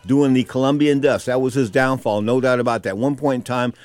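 A man's voice: mid-range voice, fairly even intonation, a little fast, a little mellow. A male radio talk show host telling stories casually, acting out quotes with animation.

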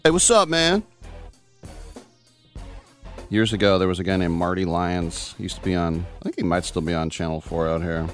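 Low-voiced guy hosting sports radio, jokey and loose, faint music behind. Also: little pitch movement. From San Francisco Bay Area. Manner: loose, joking, jumps quickly between topics. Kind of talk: casual sports talk radio.

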